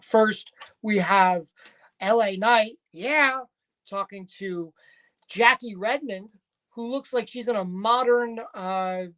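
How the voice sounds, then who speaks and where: A woman's voice: mid-range voice, slow, a bit bright. A woman casually recapping a wrestling show, chatty and rambling with frequent fillers and restarts.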